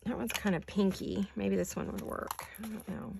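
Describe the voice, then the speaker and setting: An older woman who is hoarse today, chatting casually while she crafts in her home studio and thinking aloud in wandering asides. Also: mid-range voice, steady tone, moderate pace, noisy background. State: hoarse, deep voice. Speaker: craft vlogger.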